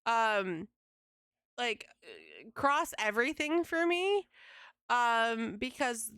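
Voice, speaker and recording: A young woman livestreaming from home, venting to her chat in a casual, exasperated rant with swearing and quick retellings of conversations. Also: a little high, big pitch swings, a bit bright, clear, resonant tone, no echo, studio quality. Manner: exasperated, swearing, quoting others in fast retelling. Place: home streaming setup.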